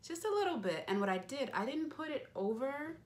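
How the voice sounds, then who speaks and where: A woman's voice: sits high, very animated, a little fast. A young woman beauty vlogger chatting playfully as she narrates each step of her makeup routine. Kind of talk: casual makeup tutorial chat.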